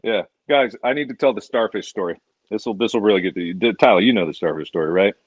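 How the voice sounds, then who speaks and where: A man hosting a casual charity livestream, animated and jokey, sometimes jumping into high exaggerated outbursts. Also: quick pace, dry recording, highs cut off. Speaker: livestream host.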